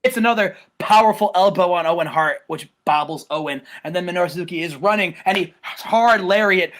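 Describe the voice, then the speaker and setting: An excitable man tells a match story as casual play-by-play. He rambles, restarts his sentences and keeps switching names, then bursts into loud shouted quotes. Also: sits high, a little fast, a little hiss or hum. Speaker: host recapping a wrestling game simulation.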